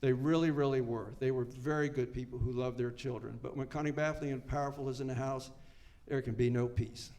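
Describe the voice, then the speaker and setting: A man's voice: medium pitch, steady tone, a little fast, a little mellow. An older man from Maryland sharing his recovery story at a meeting, conversational and self-mocking. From Maryland, United States. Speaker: AA speaker. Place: meeting room before a live audience.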